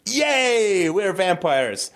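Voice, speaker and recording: Whiny little kid, high and sing-song, swooping around, put on by a man. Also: sing-song, extremely slow, fairly bright tone, full character voice. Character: whiny bored young child.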